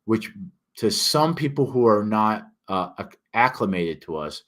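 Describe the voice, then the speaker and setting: Older northern us guy ranting on a livestream, lowish voice, lots of ums and restarts. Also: big pitch swings, a little slow, fairly bright tone. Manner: emphatic, ranting, frequent restarts and fillers. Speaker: author livestream host. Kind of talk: casual ranting monologue.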